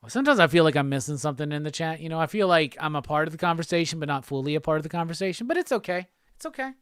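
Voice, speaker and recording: A laid-back man hosts a casual live stream and reads out viewer comments between easy laughs. His voice sits fairly high for a man. The sound is close and dry, with no room around it. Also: fairly bright tone, clear, resonant tone, no room sound. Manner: laid-back, chatty, quick laughs, reads chat aloud. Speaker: host of a live pop culture show.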